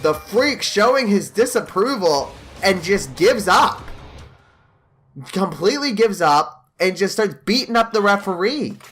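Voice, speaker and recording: High-voiced guy hyping up a wrestling video game like an announcer, bright sharp tone, faint music behind. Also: unhurried. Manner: excitable, hype announcer delivery. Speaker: gameplay commentator. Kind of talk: mock play-by-play wrestling commentary over gameplay.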